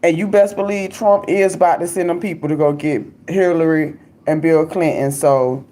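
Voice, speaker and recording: A woman's voice: low voice, normal speed, warm tone. A young adult woman hosting a casual commentary chat, loose and talkative, laughing often and speaking with slang. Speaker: livestream host reading viewer comments.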